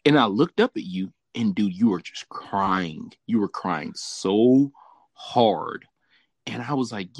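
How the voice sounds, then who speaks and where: An unhurried man from Southern California, his voice on the low side, hosts a relaxed podcast chat with no room sound. He's a lively storyteller who laughs often and swears plenty.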